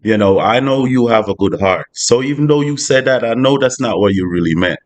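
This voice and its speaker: A man's voice: mid-range voice, lively intonation, brisk, close to an everyday voice. A man voicing karma as a playful, knowing cosmic spirit that reassures and teases. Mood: reassuring. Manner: reassuring, teasing, then gleeful.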